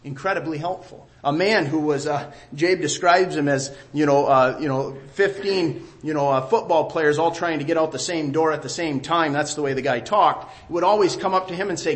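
A middle-aged man preaching a sermon, emphatic and repeating key phrases, sometimes dropping quiet. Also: fairly high pitch, a little fast.

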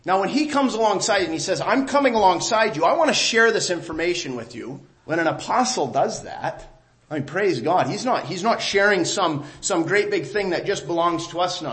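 A man preaching a sermon as pastor, talking conversationally, asking rhetorical questions, his voice dropping low and quiet at the ends of phrases. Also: animated, moderate pace.

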